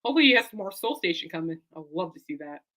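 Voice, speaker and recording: A woman's voice: on the low side, big pitch swings, very fast, fairly bright tone. A woman talking casually to her camera as a vlogger and fan, rambling and heartfelt, turning aside to talk to her dog.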